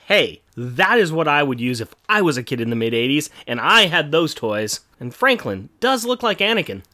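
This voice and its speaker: A man narrating a comic-book recap for a podcast, his voice rising and falling in a lively way. He drops sarcastic, dry jokes between the plot beats. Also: a little high, normal speed. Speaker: podcast co-host.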